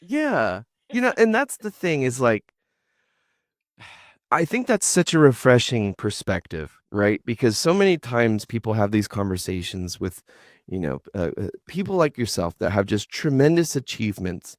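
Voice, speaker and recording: A man's voice: mid-range voice, big pitch swings, normal speed, no echo, studio quality. A man hosting a talk show, asking long earnest questions and rambling with slangy asides. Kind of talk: casual interview talk.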